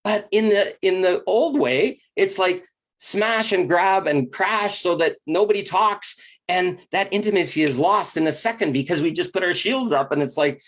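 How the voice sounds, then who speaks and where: This spiritual relationship coach talks at normal speed in a voice that sits high. Confessing his thoughts on relationships, he's intense, blunt, and quick to swear, while sounding earnest and emotionally open.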